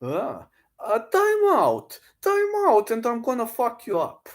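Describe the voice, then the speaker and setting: A man doing an impression of a brash, boastful man who keeps yelling that he won, in a shrill, repetitive way. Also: wildly swooping pitch, takes it slowly, full character voice. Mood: taunting. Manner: shrill, repeated yelled boasts.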